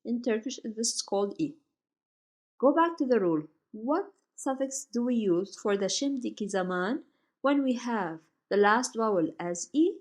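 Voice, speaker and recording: Slow, careful woman teaching Turkish. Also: fairly high pitch. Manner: slow, careful, spells out each Turkish word. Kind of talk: slide-based grammar lesson.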